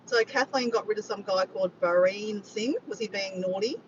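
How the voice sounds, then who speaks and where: Aussie woman rambling on a livestream, muffled far-off mic, loud rumbly vehicle noise behind her. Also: moderate pace. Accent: Australian. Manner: rambling, reads out the chat and greets viewers by name. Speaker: vlogger hosting a livestream. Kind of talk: casual live chat with viewers.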